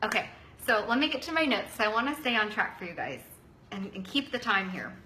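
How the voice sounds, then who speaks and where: A woman in her thirties giving a chatty, energetic motivational coaching talk, acting out quotes in a higher voice. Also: fairly quick, reverberant, slight background noise, rough recording. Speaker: wellness coach.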